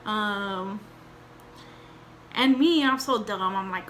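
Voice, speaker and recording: A woman's voice: mid-range voice, slow pace, a bit bright, a little hiss or hum. A young woman telling a rambling story and chatting in a casual home vlog, with lots of fillers and acted-out quotes. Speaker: vlogger.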